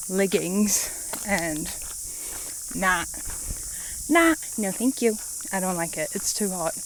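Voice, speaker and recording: A woman's voice: on the low side, slight background noise, low-quality recording. A woman, chatting casually to camera in a rambling vlog. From New Zealand. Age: late 20s. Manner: rambling, chatty, with frequent fillers. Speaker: vlogger.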